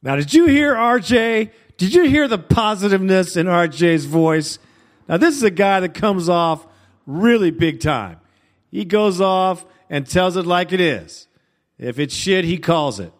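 A man hosts a fan call-in radio show, cheering on callers and urging them to stay positive. His voice sits a bit high, and he talks with an easy, brotherly manner. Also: expressive, measured pace. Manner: upbeat, addresses callers as brother. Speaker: radio host. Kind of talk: sports talk radio.

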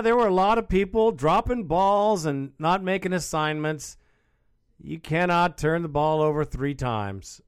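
A man's voice: fairly high pitch, clear, resonant tone, dry recording, clean studio sound. A man hosting a fan call-in show, talking casually and calling the callers bro. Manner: casual, laid-back, calls callers bro. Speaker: radio show host.

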